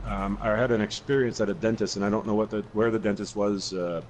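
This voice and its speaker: A middle-aged man chats casually while gaming, rambling through a story and swearing freely. His voice sits low. A faint hiss runs under the recording. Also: fairly even intonation, fast, darkish tone, poor audio. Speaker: podcast co-host.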